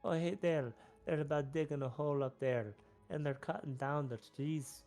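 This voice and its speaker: Cheeky male blackbird, Jamaican accent, gravelly, laid-back, a man doing the voice. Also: fairly high pitch, moderate pace, a little mellow, soft background music, natural voice. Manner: laid-back, calls everyone "boy".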